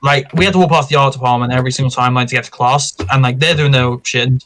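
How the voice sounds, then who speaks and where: A man co-hosting a podcast, chatting casually in a quick, rambling way full of "like" and restarts, on a home mic over an online call. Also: mid-range voice, fairly even intonation, fairly bright tone. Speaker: podcast co-host. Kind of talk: casual chat among friends.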